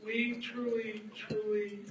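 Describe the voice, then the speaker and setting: A man giving a sincere, halting farewell speech at a banquet. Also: high-pitched, level tone. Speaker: speaker presenting a farewell gift. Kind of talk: heartfelt speech. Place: large banquet hall. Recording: distant mic in echoey hall, noisy.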